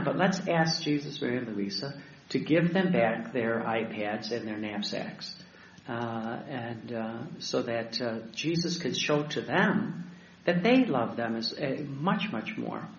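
Deacon guy preaching, gravelly voice, lots of uh and restarts, echoey dull-sounding room. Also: medium pitch, slight background noise. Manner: storytelling, halting with many restarts and fillers. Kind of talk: sermon-style teaching talk.

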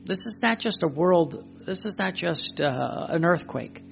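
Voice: mid-range voice, lively intonation, a little slow, gravelly, few pauses, bright, forceful tone, muffled recording, a little hiss or hum. A preacher giving emphatic spoken religious teaching, repeating phrases and asking rhetorical questions.

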